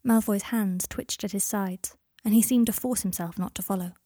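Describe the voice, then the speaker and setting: A woman reading a story aloud in a calm, even storytelling manner. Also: mid-range voice, normal speed, no echo, studio quality. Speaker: audiobook reader. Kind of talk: scripted narration.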